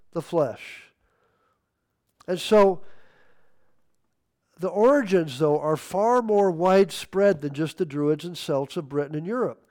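A man with a notably high voice delivers a sermon at an unhurried, drawn-out pace. He leans hard on key words, then drops into soft asides between the readings. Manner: emphatic, swinging between loud stresses and quiet asides. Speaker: preacher.

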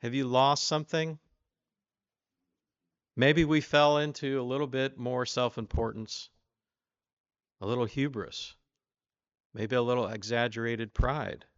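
A man's voice: fairly even intonation, unhurried, long pauses, smooth, no room sound, lo-fi sound. A man giving an informal sermon, reading scripture and asking his listeners questions in a conversational way. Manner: voices the king boastfully, louder and higher. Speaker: preacher.

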